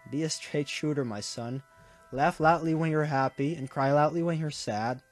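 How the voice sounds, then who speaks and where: A man voicing a dying, gentle middle-aged father who speaks softly and tenderly, his voice growing weaker. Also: fairly high pitch, normal speed, faint music behind, close to an everyday voice. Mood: tender, fading.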